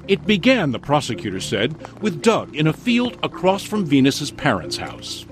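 A man's voice: a little high, wildly swooping pitch, moderate pace, over music. A male correspondent delivering scripted, dramatic true-crime narration.

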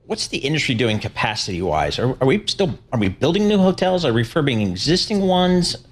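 A man's voice: medium pitch, very animated, a little fast, husky. A man hosting a business news interview, asking questions in a casual, conversational way. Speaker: host.

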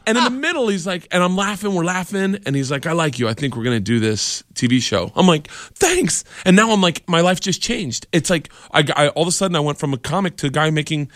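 Animated male comedian telling a story. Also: a little high, fast talker, hardly any pauses, no echo, studio quality. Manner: animated, acts out voices and laughs through the story. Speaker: comedian guest. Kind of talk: storytelling on a radio show.

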